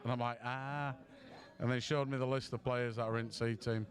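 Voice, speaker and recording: A man's voice: medium pitch, level tone, quick pace. A man, tipsy, giving rambling, self-mocking commentary on a pool match stream.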